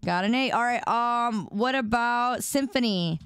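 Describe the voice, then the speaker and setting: A woman's voice: fairly high pitch, measured pace, a bit bright, clear, resonant tone, no room sound, studio quality. A woman streamer chatting playfully with her viewers, repeating words in a sing-song drawl. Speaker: livestreamer. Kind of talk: casual live-stream chat.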